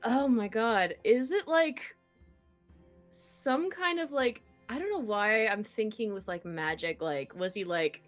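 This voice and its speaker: A woman playing a tabletop game who talks in an excitable, giggly, rambling way. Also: on the high side, measured pace, faint music behind. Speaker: player. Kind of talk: casual tabletop play.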